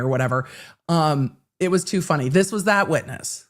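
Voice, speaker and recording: A woman's voice: sits low, normal speed. A woman hosts a casual live legal commentary. She talks in a chatty, joking way and often makes asides to herself.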